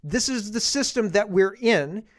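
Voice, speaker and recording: A man's voice: sits high, expressive, a little slow. A man from Canada hosting a political talk show, ranting in a frustrated, profane way with emphatic repetition. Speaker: show host.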